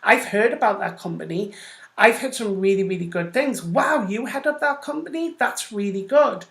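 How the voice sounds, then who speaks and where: A woman's voice: medium pitch, expressive, moderate pace, gravelly, a bit bright. A woman voicing an effusive female fashion designer who gushes with enthusiasm in a role-play example. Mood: gushing. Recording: roomy echo.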